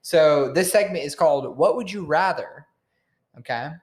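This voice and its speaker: A man's voice: on the high side, lively intonation, normal speed. A man co-hosting a casual podcast, jokey and playful, laughing often and now and then making goofy noises, talking into a mic on a stand. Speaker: podcast co-host. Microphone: tabletop mic on a stand.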